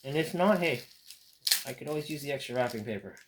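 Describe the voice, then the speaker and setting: A man talks through an unboxing in a loose, casual way, stopping to think and restarting his sentences. His voice sits at an ordinary middle pitch. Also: lively intonation, fast, background noise. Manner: rambling, thinking aloud with fillers and restarts. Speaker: book collector. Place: in France.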